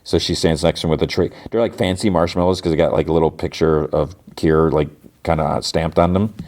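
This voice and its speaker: A man's voice: a bass voice, fairly even intonation, a little fast, darkish tone. A man hosting a podcast, casually recapping a TV episode and acting out the characters' lines as he goes. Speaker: podcast host.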